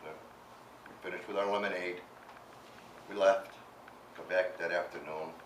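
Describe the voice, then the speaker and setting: A man's voice: low-pitched, fairly even intonation, moderate pace. Man in his eighties, anecdotal storyteller, noisy hall recording, distant mic. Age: 80s. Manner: chatty, laughs through his own story. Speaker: author speaking at a book event. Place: event hall. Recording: echoey room, distant mic, background noise.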